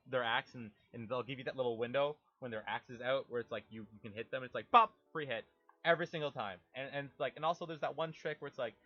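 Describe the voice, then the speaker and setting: A young man talking casually about a video game, animated, swearing freely and imitating game sounds. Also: mid-range voice, no echo, muffled recording. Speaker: gaming YouTuber. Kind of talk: casual rambling monologue.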